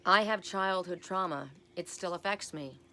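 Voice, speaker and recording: A woman's voice: fairly low pitch, moderate pace, bright, forceful tone. A woman giving a casual spiritual oracle card reading, chatty and rambling with personal asides, often tagging her points with "right?".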